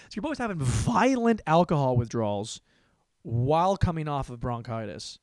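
A man's voice: medium pitch, very animated, moderate pace, long pauses, darkish tone, no echo. Profane rambling young man, dry close mic. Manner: rambling, profane, self-mocking, laughs often. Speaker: podcast host and stand-up comic. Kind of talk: casual solo podcast monologue.

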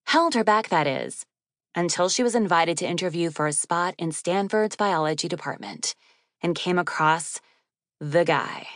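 A woman narrating an audiobook in a wry, expressive reading. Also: on the low side, normal speed, no echo, clean studio sound. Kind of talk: scripted narration.

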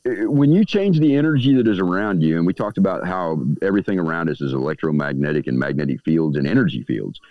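A man chatting as a podcast guest, his pitch swinging widely as he slips into the voices of people he quotes. He pauses to puff on a cigar between thoughts. The sound is dry and a little muffled, like remote call audio. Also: expressive, no room sound. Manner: smokes a cigar while talking. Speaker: guest speaking on magick. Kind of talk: casual podcast conversation.

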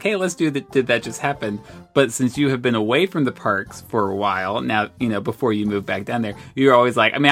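A man from the United States co-hosts a casual podcast, spinning animated, self-deprecating stories in an easygoing conversation. His voice sits in a middle pitch, with faint music in the background. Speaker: podcast co-host. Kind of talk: casual storytelling chat.

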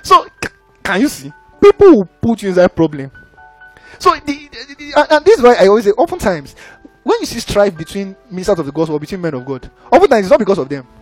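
A young man preaching a sermon in an animated, conversational way, often checking that listeners follow. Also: high voice, quick pace, faint music behind.

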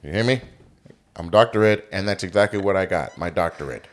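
Man doing a stuffy, insistent doctor type, low voice. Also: expressive, fairly quick. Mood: pompous. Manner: self-important, insistent. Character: pompous man boasting of his degrees.

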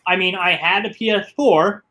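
A man chatting casually, telling a story with quick asides. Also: sits high, bright, forceful tone, rough recording. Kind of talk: casual podcast chat.

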